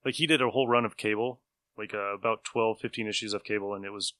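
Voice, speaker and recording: Male co-host, low bright voice, dry close sound, relaxed and enthusiastic. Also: fast, dry recording. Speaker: comic book podcast co-host. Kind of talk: casual chat.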